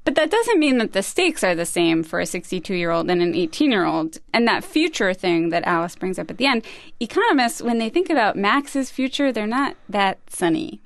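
A woman co-hosting a radio show, narrating and asking questions in a lively, curious way. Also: mid-range voice, moderate pace, creaky, no room sound. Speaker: radio reporter and co-host.

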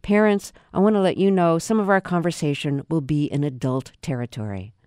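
A woman hosting a public radio interview in a measured, clear, composed way. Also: low-pitched, dark tone, no room sound. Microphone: studio microphone. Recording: dry studio sound.

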